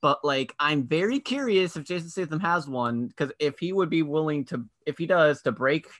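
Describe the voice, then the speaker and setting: A man with a bright, forceful voice pitched a bit high chats loosely about movies on a podcast. He rambles and jokes, trailing off as he thinks aloud. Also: animated, normal speed. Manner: rambling, playful, does goofy impressions. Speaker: podcast co-host. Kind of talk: casual movie chat.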